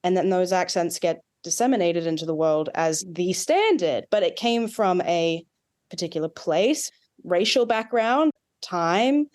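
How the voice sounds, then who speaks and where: A dialect coach with an Australian accent speaks in a fairly low, darkish, expressive voice, a little on the slow side. In this expert interview she explains things at length, with asides and examples along the way.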